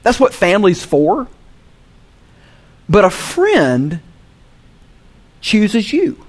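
A male pastor preaching a sermon, swinging between soft low asides and loud, emphatic peaks. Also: huge pitch swings, very slow. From Southern US.

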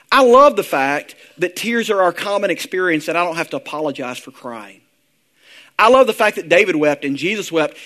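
High-voiced man preaching a sermon. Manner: earnest, slows down and softens when reading prayers. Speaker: pastor.

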